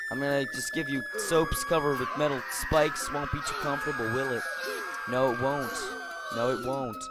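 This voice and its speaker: A young man doing goofy, rambling gameplay commentary, scolding game characters in mock-stern tones. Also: fairly high pitch. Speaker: gameplay video host. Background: game music.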